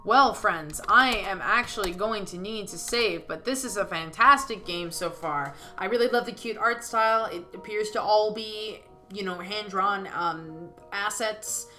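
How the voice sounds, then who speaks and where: A woman playing a video game and commenting casually, playful and joking, with soft game music underneath. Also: medium pitch, measured pace, hardly any pauses. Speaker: gaming video creator.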